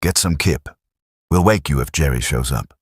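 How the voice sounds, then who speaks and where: Welsh sergeant, blunt and practical, husky , voiced by a man. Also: very deep voice, moderate pace, no echo, clean studio sound, exaggerated voice. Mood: brisk.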